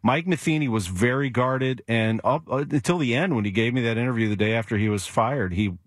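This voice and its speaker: A man's voice: medium pitch, brisk, no echo, clean studio sound. A man, a sports reporter, telling stories in casual talk, acting out the quotes he recounts. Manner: animated storyteller who acts out quotes. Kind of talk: casual radio talk storytelling.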